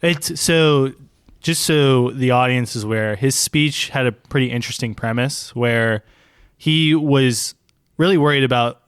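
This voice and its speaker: A man's voice: medium pitch, measured pace, clean tone, dry recording, clean studio sound. A young man co-hosting a podcast, laid-back and chatty, often laughing as he talks. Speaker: podcast co-host. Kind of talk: casual chat.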